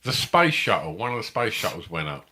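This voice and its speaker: A man's voice: lowish voice, big pitch swings, a little fast, pushed and bright, slightly rough. A middle-aged man, co-hosting a comedy podcast, telling rambling, sweary stories and laughing often. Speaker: podcast co-host. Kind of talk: casual chat.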